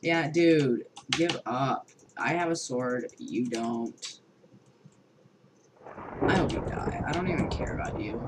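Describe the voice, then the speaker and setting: A man's voice: mid-range voice, takes it slowly, very noisy. Rambling sarcastic young man gaming. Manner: rambling, sarcastic, heavy filler words, swears a lot. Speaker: gamer. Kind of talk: casual gameplay commentary.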